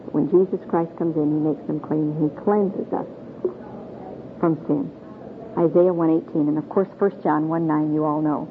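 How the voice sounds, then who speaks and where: A middle-aged Michigan woman with a low, steady voice teaches a Bible class at normal speed in a meeting room, folksy and earnest, asking her group questions. The old tape sounds tinny and phone-like with a faint hiss.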